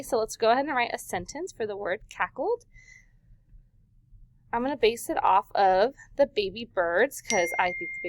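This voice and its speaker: A woman teacher giving a recorded vocabulary lesson to young children, animated and full of questions, stretching words for emphasis. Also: mid-range voice, no echo.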